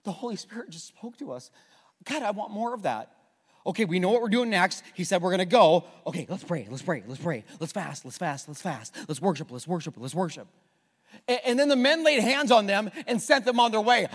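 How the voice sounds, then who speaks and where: A man with a high voice preaches to his church. He drops to a near hush, then climbs to loud, repeated calls. A long reverb trails his words around the sanctuary. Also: lively intonation, fast talker. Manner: swings from hushed to shouting with many repeats. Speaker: pastor. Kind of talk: sermon.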